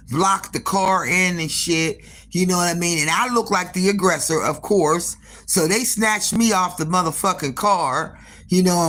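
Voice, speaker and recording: A woman who owns a hair salon, telling a long story in casual, profane speech with many asides to her listeners. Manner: animated and profane, with frequent swearing and direct asides to listeners; acts out dialogue, jumping up sharply in pitch for quoted lines. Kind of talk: casual storytelling on a live stream.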